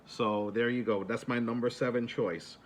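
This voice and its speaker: A man's voice: mid-range voice, steady tone, normal speed. A man casually retelling moments for a countdown video, rambling with many fillers and restarts. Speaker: YouTuber.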